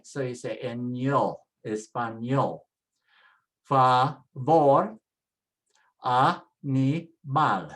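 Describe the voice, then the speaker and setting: An instructor teaching a spoken lesson, explaining each rule step by step and repeating every example word slowly to model its pronunciation. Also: medium pitch, rough recording. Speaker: language instructor.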